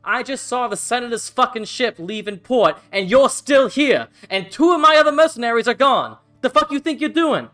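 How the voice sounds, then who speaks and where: A man voicing a portly human mercenary boss who shouts and curses in a fury. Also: on the high side, normal speed, soft background music, pitched above the performer's own voice. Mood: furious. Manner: shouting, cursing, fuming.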